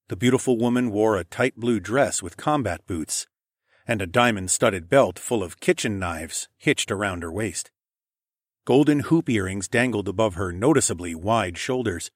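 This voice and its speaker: A man narrates a first-person audiobook in a steady, measured way. His voice sits on the lower side. The recording is dry and close. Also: dry recording.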